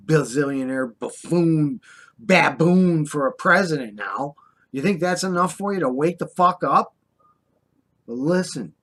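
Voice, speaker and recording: Older man ranting with scornful passion. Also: a little high. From United States. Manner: impassioned, scolding, sarcastic rant with drawled asides. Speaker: vlogger. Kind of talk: ranting monologue.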